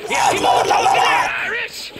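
An actor playing a menacing gunman thug who shouts threats. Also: very high-pitched, fairly even intonation, moderate pace, a crowd in the background, background noise. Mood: threatening.

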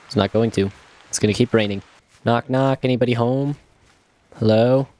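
A man's voice: mid-range voice, steady tone, normal speed, darkish tone. A young man casually commentating his own gameplay, chatty and joking, talking to himself as he plays. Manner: chatty, talks to himself, jokey and self-mocking. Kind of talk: casual let's-play commentary.

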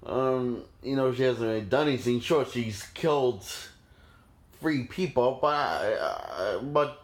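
Slow-talking, giggly man reviewing a film. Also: mid-range voice, lively intonation. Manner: rambling, giggly, many restarts. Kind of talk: casual movie review.

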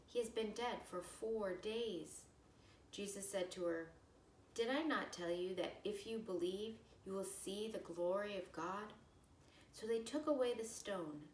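A woman religion teacher reading scripture aloud slowly and carefully, then explaining it plainly to children with a few fillers. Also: fairly low pitch, slight background noise. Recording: echoey room, voice from far off the mic.

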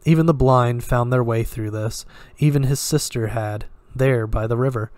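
A man reading a dark thriller story aloud in a steady, even storytelling manner. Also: mid-range voice, normal speed, no echo. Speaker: story reader. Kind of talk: audiobook-style story reading.

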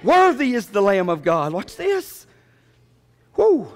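A pastor preaches a sermon in a strikingly high voice. He swings from low murmurs to loud, ringing calls. His voice trails off into the long reverb of a church sanctuary. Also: wildly swooping pitch, slow.

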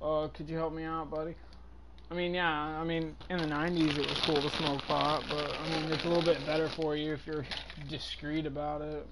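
A man's voice: on the high side, little pitch movement, brisk, background noise. A man mocking a stranger in a game's voice chat, rambling and sarcastic. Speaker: streamer playing with strangers. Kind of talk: casual trolling game chat.

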